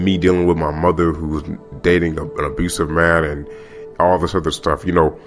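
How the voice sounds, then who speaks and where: A male podcast host talks in a low, deep voice, casual and heartfelt. He circles back, repeats his lines and rambles with real passion. Soft music sits faintly underneath.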